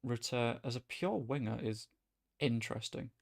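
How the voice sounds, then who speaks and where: Gravelly man streaming a game. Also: mid-range voice, normal speed. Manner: chatty, rambling, with sudden excited outbursts. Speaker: gaming streamer. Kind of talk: casual gameplay commentary.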